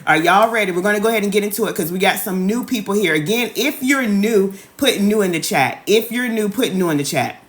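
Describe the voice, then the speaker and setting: A woman's voice: medium pitch, lively intonation, fairly quick, hardly any pauses. A woman in her thirties coaching viewers on a live stream, chatty and repetitive, calling out to the chat and saying "y'all" and "okay" a lot, talking into a phone. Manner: chatty, repeats calls to the audience, says "y'all" and "okay" often. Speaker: online business coach hosting a live stream. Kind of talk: casual live-stream sales talk.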